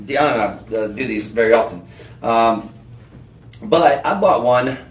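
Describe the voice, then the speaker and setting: A man hosting a live home shopping show, pitching products in a chatty, rambling way with lots of fillers and restarts. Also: animated, unhurried, reverberant. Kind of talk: live on-air sales pitch. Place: TV shopping studio.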